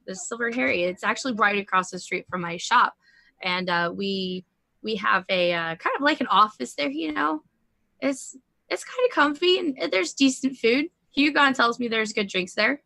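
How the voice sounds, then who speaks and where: A woman playing a tabletop role-playing game, chatty and quick to laugh. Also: on the high side, vocal fry, pushed and bright, no room sound. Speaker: player. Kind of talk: in-character tabletop role-play.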